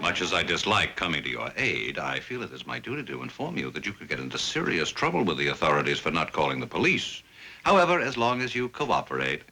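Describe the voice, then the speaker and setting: A man's voice: sits low, sing-song, fast. A man playing a stern, sarcastic police lieutenant who speaks officiously. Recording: faint hiss of old TV soundtrack.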